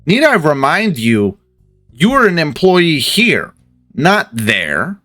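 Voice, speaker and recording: A man's voice: high-pitched, big pitch swings, a little slow, sharp tone, dry recording, clean studio sound, soft background music, voice pushed up, heavily acted. A man voicing an imperious, condescending woman office boss in a tabletop game. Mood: scolding. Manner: scolding, condescending.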